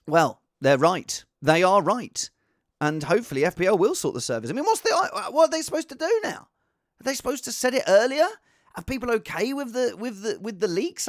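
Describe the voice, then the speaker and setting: Animated comic host. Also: male voice, high voice, normal speed, no room sound, studio quality. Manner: animated, swings from shouting to mumbling. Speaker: podcast host and impressionist. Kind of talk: casual comedic monologue.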